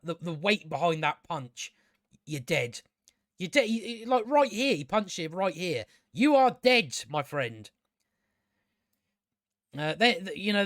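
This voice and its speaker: Guy ranting thru a tv review, kinda high voice, swears a lot, dry close sound. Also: a bit bright, dry recording. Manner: rambling, exasperated and profane. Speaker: TV show reviewer. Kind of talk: casual spoken review commentary.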